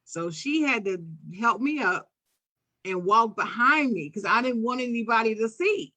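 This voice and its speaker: Woman, Philadelphia accent, bright tone, animated storyteller, casual podcast chat. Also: a little high, measured pace. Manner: animated, acts out quoted voices. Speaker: podcast co-host.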